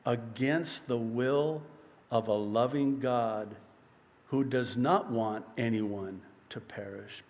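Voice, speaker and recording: A man preaching a sermon as pastor, emphatic, swinging between loud yelling and hushed, quiet passages. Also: mid-range voice, in a large hall.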